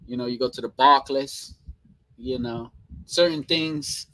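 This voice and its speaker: This mid-range, creaky voice belongs to a live-stream host from Brooklyn, New York, speaking a little slowly. He chats with viewers in a casual, slangy, animated way and laughs a lot, captured on a low-quality recording.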